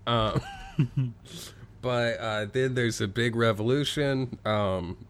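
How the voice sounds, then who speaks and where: A man's voice: mid-range voice, steady tone, slow pace. A man co-hosting a casual chat, recapping a story in a jokey, rambling way. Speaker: podcast co-host.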